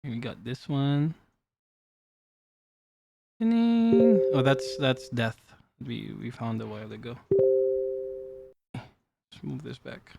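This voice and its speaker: A man streaming live, chatting casually with his chat while showing cards, playful and quick to laugh. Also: mid-range voice, steady tone, vocal fry, highs cut off, heavy background noise. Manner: playful, giggly, talks to chat. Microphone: desk mic.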